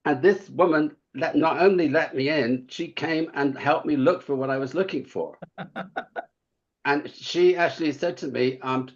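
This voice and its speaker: A man's voice: on the high side, measured pace, highs cut off. A man being interviewed as an author guest, telling witty anecdotes in a campy way and chuckling often. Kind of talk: casual interview chat.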